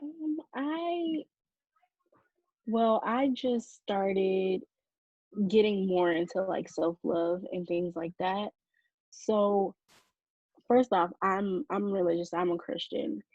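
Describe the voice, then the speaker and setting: Southern woman guest in her twenties; husky, unhurried, earnest; dry, muffled sound. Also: mid-range voice, a little mellow, no echo. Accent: Southern American. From American South. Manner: slow, thoughtful, earnest. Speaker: podcast guest. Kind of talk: interview answers.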